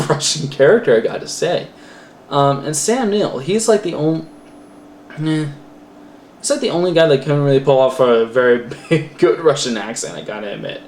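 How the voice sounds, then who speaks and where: A man's voice: mid-range voice, a little mellow. A man casually reviewing a film for a class, rambling with many fillers and self-corrections. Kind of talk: casual spoken movie review. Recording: roomy echo, faint background noise.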